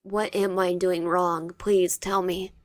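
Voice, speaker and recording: A woman's voice: lowish voice, flat delivery, slow pace, no echo, studio quality. A woman voicing a possessive, tearful teenage boy classmate who pleads and clings. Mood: pleading.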